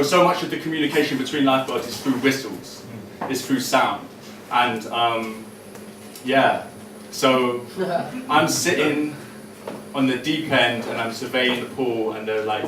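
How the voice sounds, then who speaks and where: British man performing poetry live. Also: medium pitch. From Britain. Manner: chatty and self-deprecating, then rhythmic declaiming. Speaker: poet. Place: live event venue. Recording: echoey room, distant mic, noisy.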